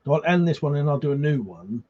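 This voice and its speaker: Drunk guy chatting on a stream, swears a lot, keeps laughing, bit of a higher voice, slightly muffled audio. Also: expressive, fast talker. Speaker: livestream host. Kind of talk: casual chat reading out viewer comments.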